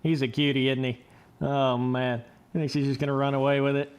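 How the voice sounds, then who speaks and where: A young man giving casual, excitable commentary over motocross gameplay, laughing and trash-talking as he rides. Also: a little high, moderate pace, clean tone. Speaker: gaming commentator.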